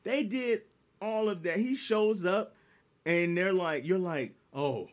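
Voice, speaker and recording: A man's voice: high-pitched, slow. A man in casual, profane chat about movies, animatedly acting out quotes. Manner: animated, acts out quotes, heavy swearing.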